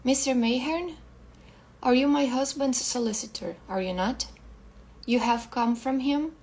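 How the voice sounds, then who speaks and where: A woman reading aloud, voicing a calm, coldly composed foreign wife in a short story. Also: high-pitched, a little slow. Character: cold, composed foreign woman, middle-aged.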